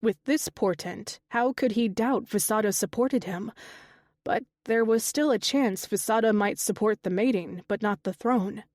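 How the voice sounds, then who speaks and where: A woman narrating a fantasy romance audiobook in a steady, measured reading style. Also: medium pitch, no echo, studio quality. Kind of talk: scripted narration.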